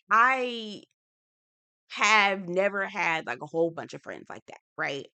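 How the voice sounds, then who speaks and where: Chatty young woman TV recapper, sassy asides, low-set but bright, forceful tone. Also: animated, moderate pace. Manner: chatty, sassy, repeatedly asks viewers to comment. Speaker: TV recap YouTuber. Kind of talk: casual reality TV commentary.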